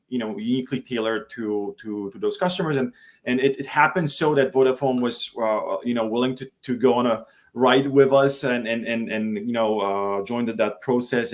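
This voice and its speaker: A man from Poland speaking as a guest in a casual webinar, halting and often repeating words, over a video call. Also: medium pitch. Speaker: product manager guest.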